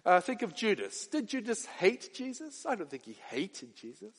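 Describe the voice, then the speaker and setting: Passionate high-voiced male preacher in a reverberant hall. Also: huge pitch swings, normal speed, few pauses, breathy edge. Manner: passionate, direct questions to listeners, swings from loud to hushed. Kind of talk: sermon.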